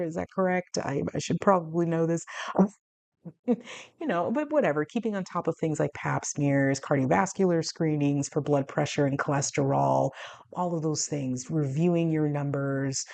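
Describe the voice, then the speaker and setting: A woman's voice: gravelly, a little mellow, no room sound. A woman in her forties from the United States, talking casually to camera about her health and laughing often. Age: 40s. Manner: chatty, laughs often, acts out dialogue with big jumps in pitch. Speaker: health vlogger.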